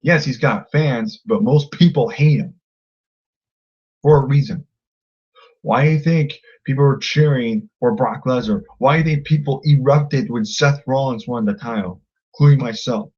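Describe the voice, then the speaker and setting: A man's voice: medium pitch, moderate pace, darkish tone, slightly rough, muffled recording. A man ranting angrily at a critic, combative and insulting, often repeating himself. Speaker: vlogger. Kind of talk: angry rant to camera.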